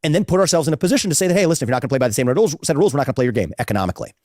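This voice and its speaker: Rapid-fire man pitching his policy plan. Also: expressive, darkish tone, dry recording, clean studio sound. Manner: rapid, confident, lays out plans in fast run-on sentences. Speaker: presidential candidate. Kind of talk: interview answer on policy.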